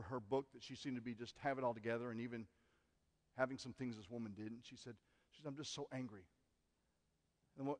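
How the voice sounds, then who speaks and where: A man preaching a sermon as pastor, earnest, moving from loud emphasis to hushed asides. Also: mid-range voice. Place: church sanctuary. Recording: long church hall reverb.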